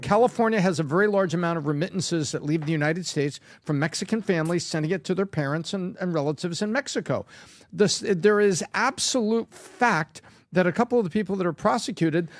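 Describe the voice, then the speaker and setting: A man's voice: high-pitched, fairly quick, no room sound, clean studio sound. A man in a heated podcast discussion, emphatic and repeating words for effect. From Canada. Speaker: political commentator, podcast guest.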